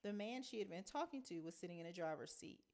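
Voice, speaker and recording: A woman teacher reading a novel aloud in a measured storytelling manner. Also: on the low side, lively intonation, a little mellow.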